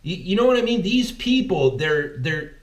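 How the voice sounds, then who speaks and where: Emphatic man, lively pitch, echoey room. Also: normal speed. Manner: emphatic, rhetorical, keeps asking "right?". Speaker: podcast host. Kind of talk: political commentary monologue.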